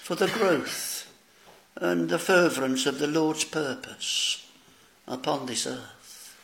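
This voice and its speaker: A man's voice: fairly high pitch, creaky, fairly bright tone. A man preaching a solemn sermon, addressing "dear friends" and quoting old-style scripture. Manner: slow, solemn preaching with archaic scripture phrasing.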